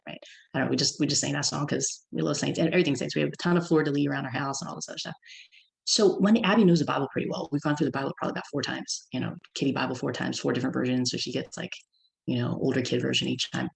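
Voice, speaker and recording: A woman's voice: very deep voice, fairly even intonation, fast, creaky, rough recording. A middle-aged woman from California giving a personal testimony talk as guest speaker, telling a story and acting out her child's lines.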